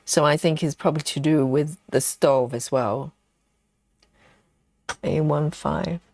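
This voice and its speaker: A woman hosting a relaxed live stream from home, chatting with viewers and reading their comments aloud, with plenty of ums and you-knows. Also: low voice, normal speed, dry recording. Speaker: livestream host. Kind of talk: casual live chat while stitching.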